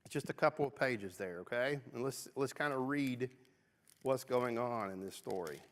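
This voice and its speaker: A man's voice: medium pitch, normal speed, a bit bright. West Kentucky man teaching a Bible class. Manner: conversational, frequent "okay?" check-ins. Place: church auditorium. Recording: long reverb of a church auditorium.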